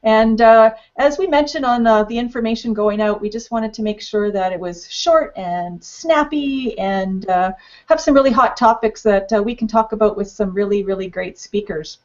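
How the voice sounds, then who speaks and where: A woman's voice: medium pitch, normal speed. A woman hosting a live online panel, playful and bubbly, talking with many fillers over a video call. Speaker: host. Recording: dull lo-fi web stream audio.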